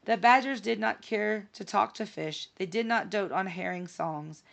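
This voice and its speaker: A woman reading rhymed poems aloud in a steady, rhythmic recital. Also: mid-range voice, normal speed, gravelly. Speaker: reader.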